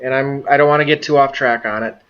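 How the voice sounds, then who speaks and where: A man's voice: medium pitch, fairly even intonation, fast, a bit bright, clean tone, muffled recording. A man giving casual political commentary in a vlog, amused and exasperated, stumbling over his words. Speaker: vlogger.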